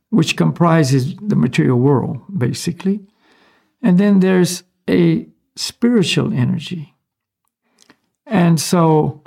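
An American spiritual teacher explains ideas in a relaxed, conversational way, chuckling softly now and then. His voice sits a little high and sounds creaky and slightly rough.

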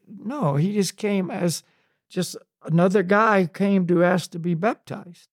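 A man in an unscripted spiritual discussion, talking slowly and searchingly with many restarts and "you know"s. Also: high-pitched, no room sound, clean studio sound. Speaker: podcast co-host on spiritual topics.

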